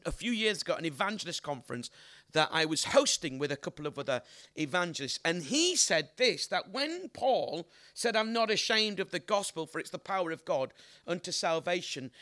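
Casting note: male preacher, fifties, high and forceful, emphatic sermon delivery with questions thrown to the room. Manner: emphatic, asks the audience rhetorical questions. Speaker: evangelist preacher.

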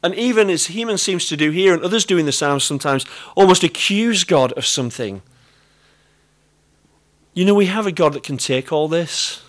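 This sermon comes from a middle-aged British preacher whose fairly bright, slightly high voice has lively intonation and a moderate pace. He speaks earnestly and conversationally, repeating his key phrases often.

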